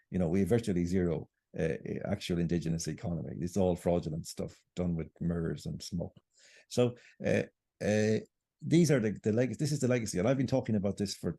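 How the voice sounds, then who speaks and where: Deep, husky Irish man, impassioned. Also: warm tone, dry recording, clean studio sound. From Ireland. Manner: impassioned, polemical, emphatic. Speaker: podcast guest, writer. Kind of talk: conversational podcast interview.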